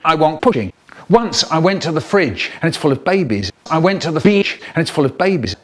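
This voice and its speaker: A man telling comic stories, animated and playful, with exaggerated swoops in his voice. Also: a little high, a little fast. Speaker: children's storyteller. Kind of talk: comic storytelling, spliced edit.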